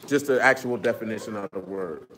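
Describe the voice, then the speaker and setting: Leading a small-group scripture lesson, this man speaks a little fast in a lowish, fairly bright voice, with slight hiss or hum. He encourages people to read before growing emphatic and preachy.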